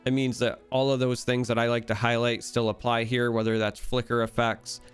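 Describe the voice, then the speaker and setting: Midwestern American male creator, enthusiastic, analytical, mid-pitched, resonant voice. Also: level tone, moderate pace, clear, resonant tone, faint music behind. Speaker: card game content creator. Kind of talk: casual solo commentary.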